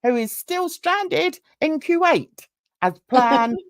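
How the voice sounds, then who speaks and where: A woman doing a prim newsreader for a livestream, each word slow and weighed. The delivery is measured, the pitch swings widely, and the sound is close and dry with no room echo. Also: animated, exaggerated voice. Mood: mock-formal. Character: formal female TV newsreader.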